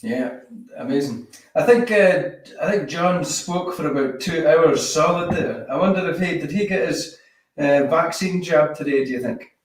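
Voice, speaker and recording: A man's voice: a little high, moderate pace. A Scottish man co-hosting a music show, chatting with a wry, teasing manner. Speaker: co-host. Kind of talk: casual chat. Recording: echoey, distant mic.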